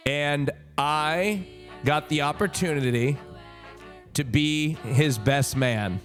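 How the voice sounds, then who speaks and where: A man streaming, telling a personal story to his chat in a casual, animated way, swearing and swinging between high indignant protests and low earnest tones. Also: takes it slowly, faint music behind.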